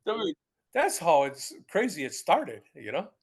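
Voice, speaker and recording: A man's voice: on the high side, huge pitch swings, measured pace, husky. A man in his seventies, a former pro football player, telling stories in a casual interview with many restarts and repeated words. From United States.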